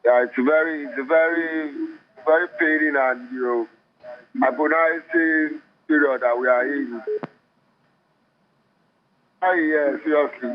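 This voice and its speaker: A man's voice: fairly high pitch, fairly even intonation, unhurried, a little hiss or hum. A man calling in to a radio show, crying and repeating the same phrases over and over. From Nigeria. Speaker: caller. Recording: muffled phone-in line.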